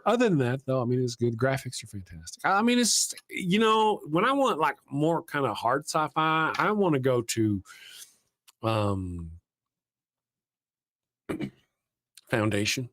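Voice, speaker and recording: A man's voice: mid-range voice, sing-song, measured pace, long pauses, a bit bright, dry recording. A man hosting a live stream, chatting casually in a rambling way, often breaking off mid-sentence and swearing lightly. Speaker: livestream host.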